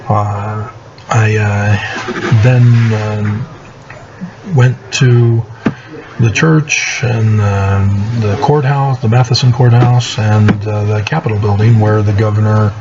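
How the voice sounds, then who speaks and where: A man telling his own story in a casual monologue, aggrieved and sardonic, halting with many fillers. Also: lowish voice. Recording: muffled lo-fi recording with steady background noise.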